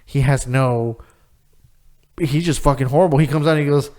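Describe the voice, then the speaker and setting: A man co-hosting a casual podcast, telling stories in a profane, animated way. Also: mid-range voice, quick pace. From Rio Grande Valley, Texas. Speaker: podcast co-host. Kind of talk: casual chat.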